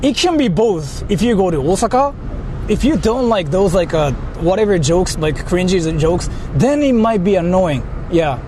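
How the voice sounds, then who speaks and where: Talking at a normal speed, this man has a high, animated voice with a dark tone. He's vlogging from behind the wheel, rambling casually with plenty of fillers and curse words, while faint car and street noise hums in the background.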